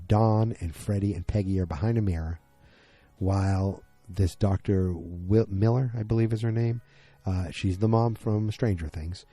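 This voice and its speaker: Husky, dark-voiced podcast host. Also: male voice, sits low, no room sound. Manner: rambling, loose, many fillers and restarts. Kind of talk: casual episode recap.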